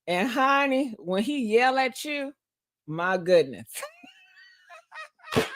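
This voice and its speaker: A woman's voice: on the high side, big pitch swings, takes it slowly, pauses often, dry recording, studio quality. A woman host in casual live-stream chat, sassy and laughing often, drawing out her words.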